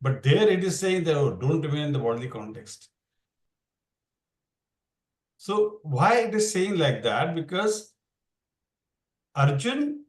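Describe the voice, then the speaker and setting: A man teaching a Bhagavad Gita class in a loose, rambling way, often restarting his sentences. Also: sits high. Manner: rambling, restarts, mixes English with Hindi. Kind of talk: explaining scripture in a casual class. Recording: roomy sound, far from the mic.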